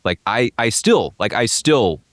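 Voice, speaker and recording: A man's voice: mid-range voice, lively intonation, unhurried, dry recording, clean studio sound. A man in his thirties telling a personal story in an interview, acting out the dialogue and filling his speech with "like". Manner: retelling with quoted dialogue, many "like" fillers. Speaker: interview guest.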